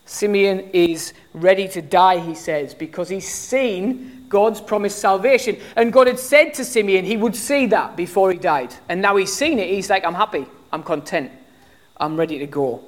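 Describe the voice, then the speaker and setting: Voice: medium pitch, normal speed, few pauses. A pastor in their thirties with a British accent, giving a conversational sermon full of fillers and restarts. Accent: British English. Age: 30s. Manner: conversational, animated preaching with many fillers and restarts.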